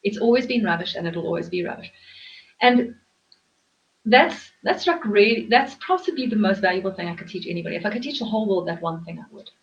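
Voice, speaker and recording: A woman's voice: medium pitch, animated, fast talker. Earnest woman coach, lo-fi audio. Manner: earnest, explanatory, repeats phrases for emphasis. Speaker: host and life coach. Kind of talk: reflective interview talk.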